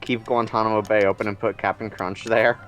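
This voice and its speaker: Deadpan joking man on a stream call. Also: on the low side, fairly quick, soft background music. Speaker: co-host of a charity game stream. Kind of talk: casual group chat over a voice call.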